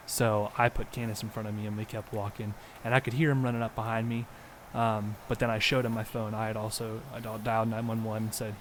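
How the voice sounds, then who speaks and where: A man's voice: lowish voice, flat delivery, fast talker, hardly any pauses, slight background noise. A young man co-hosting a podcast, telling a story in an earnest, rambling way with plenty of ums. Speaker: podcast co-host. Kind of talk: casual storytelling.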